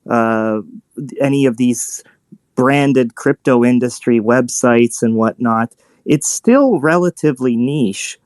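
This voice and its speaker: A man calmly laying out a broader view in a casual group call. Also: medium pitch, dry recording.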